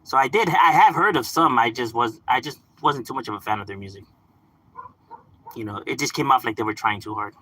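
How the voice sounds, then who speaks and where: A young man from Southern California chatting casually on a live stream, relaxed, swearing and laughing often. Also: mid-range voice, brisk. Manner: laid-back, laughs often, drops swear words and slang. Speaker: livestream gaming host.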